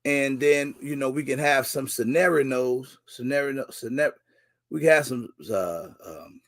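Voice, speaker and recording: A man's voice: mid-range voice, measured pace. A young man hosting a casual live stream, greeting viewers by name in a slangy, joking, laid-back way. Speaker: livestream host.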